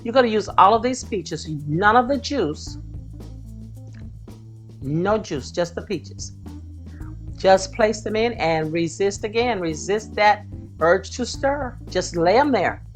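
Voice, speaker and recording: A woman's voice: medium pitch, animated, takes it slowly, long pauses, faint music behind. A woman hosting her own cooking video from her home kitchen, talking to viewers with folksy, exclaiming enthusiasm. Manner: warm folksy enthusiasm, exclaiming over the food. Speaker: cooking channel host. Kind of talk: casual cooking video chat.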